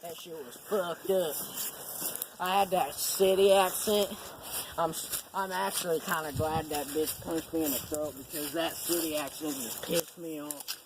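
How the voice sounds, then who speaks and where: A man's voice: on the high side, fairly even intonation, a little slow. A young man, the cameraman, telling rambling, profane, joking stories outdoors on a camera mic. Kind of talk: casual rambling storytelling. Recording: noisy outdoor camera audio.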